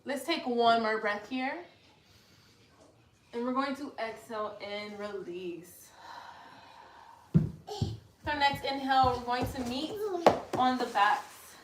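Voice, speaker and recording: A woman leading a casual guided yoga class at home, giving relaxed cues with joking asides. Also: a little high, takes it slowly, pauses often. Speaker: yoga instructor. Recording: echoey room, mic far off, faint noise.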